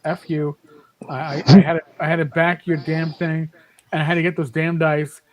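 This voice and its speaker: A man's voice: a little high, little pitch movement, normal speed, slight background noise, poor audio. A man in his fifties talking emphatically in a casual podcast chat, often repeating words as he starts a thought. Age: 50s. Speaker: panelist.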